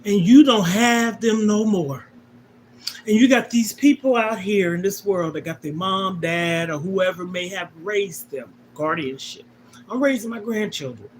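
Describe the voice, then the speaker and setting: Middle-aged woman, livestream host, heartfelt preachy monologue, mid-pitched, faint background noise. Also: a little slow. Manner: emphatic, preachy, repeats key points. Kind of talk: emotional personal talk to viewers.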